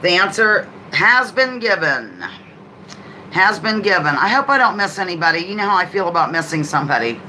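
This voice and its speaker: Bright-voiced woman hosting a live trivia stream. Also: fairly low pitch, sing-song, a little hiss or hum, low-quality recording. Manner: chatty, greets viewers by name, reads questions slowly. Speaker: livestream host.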